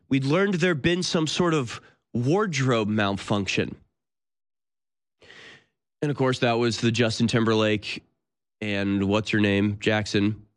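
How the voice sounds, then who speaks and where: A man in his thirties hosting a talk show, delivering a sardonic, incredulous monologue with frequent laughs. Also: medium pitch. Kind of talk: casual monologue.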